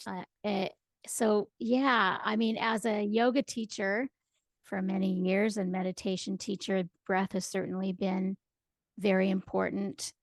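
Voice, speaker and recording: A woman's voice: medium pitch, little pitch movement, a little slow, dry recording, clean studio sound. A woman in her fifties, a yoga and meditation teacher, co-hosting a casual podcast with upbeat, enthusiastic chat. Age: 50s. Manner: upbeat, enthusiastic, repeats words.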